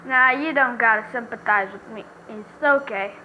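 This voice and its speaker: A woman's voice: fairly high pitch, normal speed, dull audio, a little hiss or hum, lightly acted. A woman voicing a brash, slangy young male friend in a game, whiny and self-pitying.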